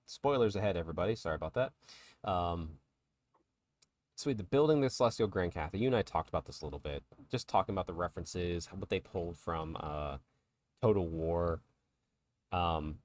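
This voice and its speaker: A man with a fairly low voice in relaxed, chatty conversation as a podcast co-host. The sound is dry and close, with no room around it. He rambles easily and laughs along. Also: dry recording. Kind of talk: casual chat.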